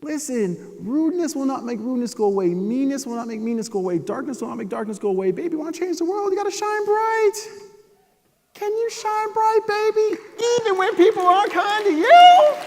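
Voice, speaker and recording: A man's voice: extremely high pitch, expressive, brisk, darkish tone, voice pushed up. A man voicing a loving mother who tenderly comforts and encourages her young son. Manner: tender, soothing, emphatic encouragement. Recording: long reverb of a conference hall.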